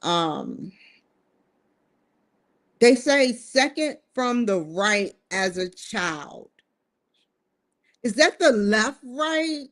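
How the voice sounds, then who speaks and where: Woman vlogger, slow deliberate delivery, casual and reflective, addresses the audience directly. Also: a little high, expressive. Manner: musing, addresses viewers directly with rhetorical questions. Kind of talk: casual talking-to-camera monologue.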